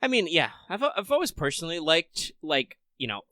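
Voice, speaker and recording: A man co-hosting a relaxed gaming podcast, his voice a touch high and bright with a forceful edge. He rambles through his opinions, cursing freely and tossing in quick asides. The sound is close and dry, with no room around it. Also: no room sound. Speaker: podcast co-host. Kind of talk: casual gaming podcast chat.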